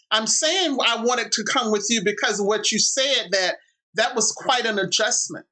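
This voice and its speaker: Upbeat lady hosting a panel, bright voice, laughs a lot. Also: fairly high pitch. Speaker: host. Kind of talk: casual panel discussion.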